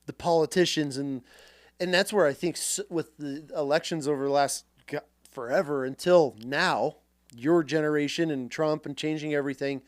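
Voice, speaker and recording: A male podcast host with a slightly raised pitch who talks in a relaxed, casual way, tossing in quick reactions and the odd curse. His voice is recorded dry and close. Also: no room sound. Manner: relaxed, casual, short backchannels, mild swearing. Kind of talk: casual interview chat.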